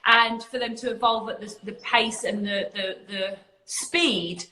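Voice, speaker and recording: A woman's voice: medium pitch, steady tone, a little slow, bright, forceful tone, reverberant, low-quality recording. A woman hosting a casual livestream chat, out of breath, chatty and greeting viewers as darling. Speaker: livestream host.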